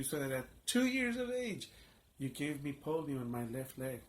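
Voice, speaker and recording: A man's voice: a little high, animated, normal speed. A man, a pastor, telling his personal testimony in an earnest, emotional storytelling manner.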